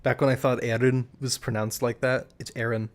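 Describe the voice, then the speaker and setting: A man's voice: medium pitch, flat delivery, fairly quick. A man streaming live, chatting casually in a rambling way, restarting his sentences and laughing at himself.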